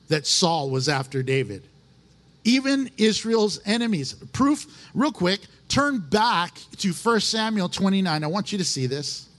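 A man preaching a sermon as pastor, folksy and animated, slipping into little acted asides. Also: sits high.

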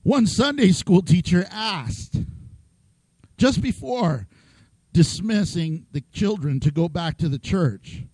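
A man's voice: sits high, expressive, slow pace, darkish tone, slightly rough, no echo, rough recording. A man preaching a sermon in a playful way, acting out voices and laughing often. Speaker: pastor.

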